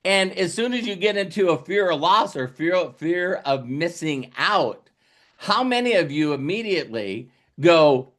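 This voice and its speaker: Animated man telling a motivational story. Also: fairly high pitch, measured pace. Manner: animated storytelling, acting out quotes; repeats words and restarts often. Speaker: business coach. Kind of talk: motivational talk.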